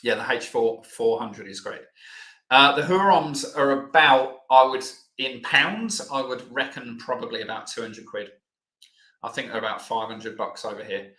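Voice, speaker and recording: A man's voice: medium pitch, normal speed, pushed and bright, echoey room. A man hosting a live online Q&A lesson, chatty and loose, with plenty of fillers. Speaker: health educator host.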